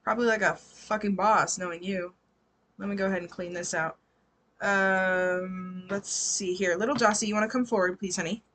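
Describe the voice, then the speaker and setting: A woman's voice: mid-range voice, fairly even intonation, normal speed, a bit bright, a little hiss or hum. A woman giving a casual live tarot reading, chatty and laughing often, swearing freely. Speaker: tarot reader.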